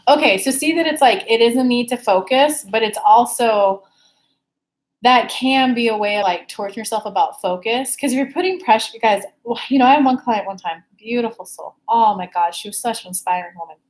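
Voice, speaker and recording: A woman who works as an intuitive life coach chats casually on a live stream, answering viewer questions. She's candid, swears freely, and lets out whooping exclamations, speaking a little fast at a fairly high pitch.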